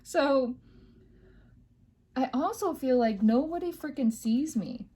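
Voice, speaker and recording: A woman's voice: high-pitched, expressive, takes it slowly, mellow, breathy edge. A woman hosting her own podcast from her home office, talking casually and venting in a rambling way with lots of fillers. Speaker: podcast host. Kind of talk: casual personal chat.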